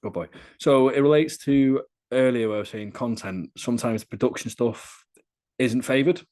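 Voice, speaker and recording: Here a young Briton speaks at normal speed in a mid-range voice with a darkish tone. As an adult content creator being interviewed on a casual podcast, he tells candid, crude anecdotes in a chatty manner with crude humour.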